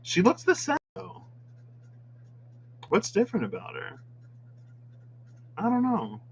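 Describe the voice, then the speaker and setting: Slow, lively-voiced chatty man. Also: high voice, highs cut off, slight background noise. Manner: chatty, musing aloud, playful asides. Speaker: tarot reader. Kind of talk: casual tarot deck walkthrough.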